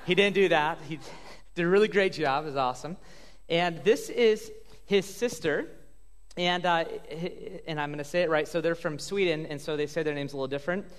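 Pastor, male, high-pitched, jokey interviewer with lots of fillers; reverberant church hall. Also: smooth. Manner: upbeat, joking, halting with fillers. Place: church sanctuary.

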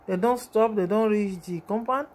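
A woman's voice: medium pitch, moderate pace, a little mellow. Emotional Nigerian woman vlogger. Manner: emotional, rambling, addresses viewers as "my people". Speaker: vlogger commenting on a video. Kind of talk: casual commentary vlog.

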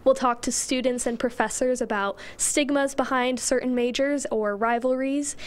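A woman's voice: high-pitched, fairly even intonation, normal speed. A young female student earnestly explaining her group's show plan. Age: young adult.

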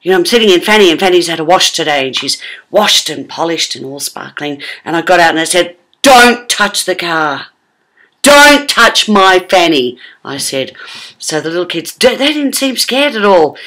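An Australian woman chatting in a lively, theatrical way for her tour vlog, sometimes dropping to a whisper. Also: fairly low pitch, fairly quick. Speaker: vlogger.

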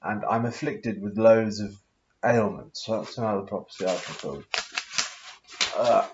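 A man's voice: on the low side, expressive, a little slow, creaky, background noise. A man rambling through a solo monologue in a put-on posh accent, reading verses aloud, adding loose comments and humming to himself. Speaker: vlogger. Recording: dull lo-fi recording.

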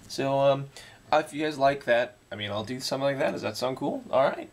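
A man's voice: medium pitch, expressive, brisk, heavy background noise. A young man chatting casually in a rambling, self-mocking way as he vlogs his day at home on a handheld camera. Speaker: vlogger. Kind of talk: casual daily vlog. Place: indoors at home.

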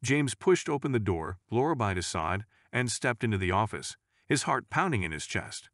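Low-voiced male story narrator, measured. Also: sing-song, a bit bright, no echo, clean studio sound.

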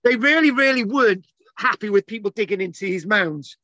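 A man's voice: high-pitched, animated, fairly quick, bright, forceful tone, no echo, lo-fi sound. A man giving a casual online lecture, exasperated and bantering, swearing often.

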